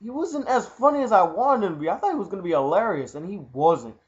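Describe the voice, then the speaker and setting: A man's voice: sits high, big pitch swings, quick pace. Blunt, candid man reviewing a movie. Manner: blunt, candid, repeats himself for emphasis. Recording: muffled lo-fi recording.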